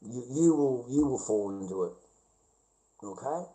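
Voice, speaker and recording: A man's voice: mid-range voice, animated, unhurried, dark tone, low-quality recording. An older Australian man ranting on a phone livestream, swearing and repeating himself for emphasis. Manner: repetitive, profane and emphatic. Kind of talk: livestream rant.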